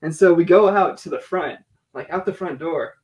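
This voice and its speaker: An American man with a high-pitched voice tells a rambling story in casual podcast chat. He is animated and breaks into laughter often, peppering his talk with fillers and swearing. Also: normal speed, muffled recording. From United States. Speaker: podcast guest.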